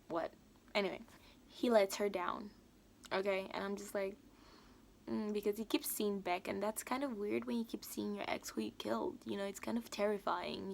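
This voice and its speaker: Chatty woman with a gravelly edge. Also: mid-range voice, a little hiss or hum. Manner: animated, acts out characters' lines, laughs often. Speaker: vlogger recapping a TV episode. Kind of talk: casual chatty recap.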